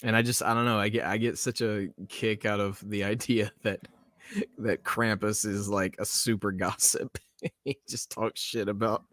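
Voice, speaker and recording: A man's voice: on the low side, level tone, normal speed, fairly bright tone, dry recording, studio quality. A man hosting a casual livestream podcast, rambling and chuckling as he talks to his chat. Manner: rambling, chuckling, self-interrupting. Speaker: podcast host.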